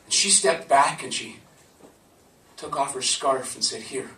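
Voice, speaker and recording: At a live event venue, a man tells a personal story to an audience, chatting and laughing as he goes. His mid-range voice has a sharp tone and a measured pace. A distant camcorder picked it up, so the sound is roomy and far off.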